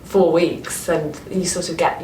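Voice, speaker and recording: A Northern English woman, an actress being interviewed, who talks with animated enthusiasm and often restarts her sentences. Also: lowish voice, unhurried. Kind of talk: casual interview chat. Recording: roomy, distant mic with faint noise.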